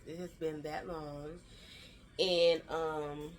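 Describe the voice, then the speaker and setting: Woman vlogger, 30s, lower register; lively, chatty storyteller. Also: drawn-out words, a little hiss or hum. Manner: animated storytelling, acts out quoted family lines; chatty and slangy, fillers like "child" and "y'all". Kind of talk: storytime vlog.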